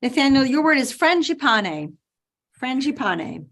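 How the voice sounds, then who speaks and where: A woman acting as spelling bee pronouncer, enunciating each word slowly and clearly over a video call. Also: sits high, big pitch swings, a bit bright. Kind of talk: reading words and sentences aloud.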